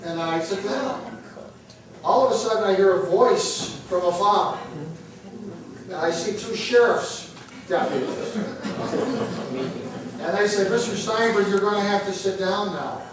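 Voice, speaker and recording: A man giving an animated, indignant speech, telling a story to a meeting audience. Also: high voice. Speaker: political speaker. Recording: roomy hall from far off, crowd. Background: crowd.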